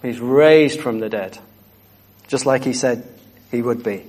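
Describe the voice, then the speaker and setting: A man's voice: medium pitch, unhurried, a little mellow, breathy edge. A man preaching a sermon, earnest and emphatic, repeating key phrases.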